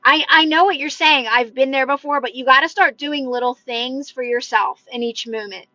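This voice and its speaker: On her phone livestream, a manifestation coach chats with viewers and answers their comments, upbeat and encouraging, with "like" sprinkled everywhere and her hands constantly moving. She sounds high-pitched and sharp at a moderate pace. The recording is dry and dull.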